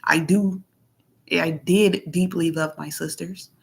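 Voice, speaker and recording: Aggrieved woman vlogger, lowish voice. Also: fairly even intonation, takes it slowly, gravelly, slightly rough. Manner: reads out text messages and comments on them; plainspoken, aggrieved, repeats herself. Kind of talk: casual venting monologue.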